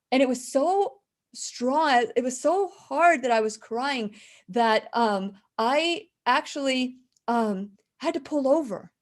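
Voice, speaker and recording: A woman in her fifties with a slight lisp, hosting a faith-based live talk show, telling earnest stories and reading viewer comments with frequent restarts. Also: high-pitched. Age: 50s. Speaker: radio show host.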